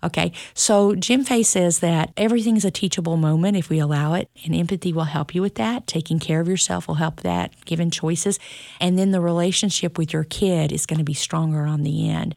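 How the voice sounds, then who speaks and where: A woman's voice: lowish voice, fairly quick, vocal fry, a little mellow, no echo, studio quality. A middle-aged woman, a dramatic storyteller chatting as a guest about her work and parenting. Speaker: school staff member and parent, guest. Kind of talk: casual interview chat.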